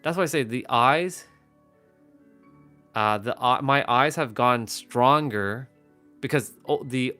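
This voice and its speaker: A man's voice: mid-range voice, takes it slowly, pauses often, sharp tone, soft background music. A man hosting a live stream, talking casually and rambling with many restarts, speaking to the camera. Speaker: livestream host. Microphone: phone or webcam, facing camera.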